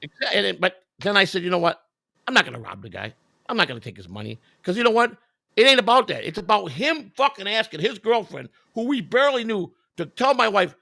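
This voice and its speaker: Gravelly, profane man telling stories. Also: high voice, sing-song, fairly quick, pushed and bright, no echo, studio quality. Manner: profane, blunt and emphatic, acts out other people's lines. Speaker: livestream host. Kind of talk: casual storytelling chat.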